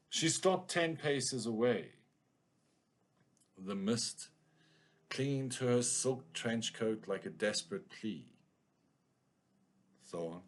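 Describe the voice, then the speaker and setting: A man's voice: lowish voice, voice pushed down, full character voice. A man reading a noir story aloud in the voice of a hard-boiled male detective, with clipped, brooding narration.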